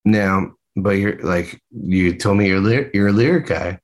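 A band member with a low voice chats loosely at a measured pace during a video-call interview. He rambles, using lots of fillers and the odd swear.

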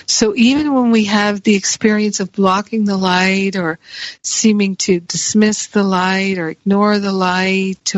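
A woman's voice: mid-range voice, dry recording. A woman giving a reflective spiritual teaching talk, repeating key phrases for emphasis. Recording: dry, slightly muffled recording.

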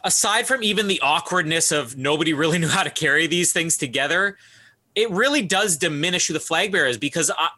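A man co-hosting a casual chat, telling quick, chatty stories. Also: on the high side, animated, pushed and bright. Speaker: podcast co-host.

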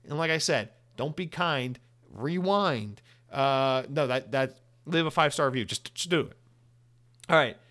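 This podcast host speaks in a mid-range, fairly bright voice at an unhurried pace. Working solo from his home office, he covers gaming news and closes with a rant that rambles, drips with sarcasm, and is full of swearing aimed mockingly at listeners.

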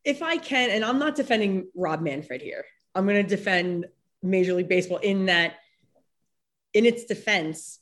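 A woman's voice: medium pitch, moderate pace. Opinionated woman in sports chat. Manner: animated, opinionated, blunt. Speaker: podcast co-host.

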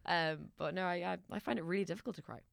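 Brief: woman, podcast guest, low gravelly voice, laughs and restarts, dry close mic. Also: fast, dry recording. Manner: laughing, stop-start, self-interrupting. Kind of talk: casual chat.

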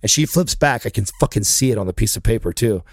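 A man's voice: on the low side, fast, breathy edge, dry recording, clean studio sound. A man telling a long story in casual chat, swearing often and getting heated as he goes. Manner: profane, animated, heated storytelling.

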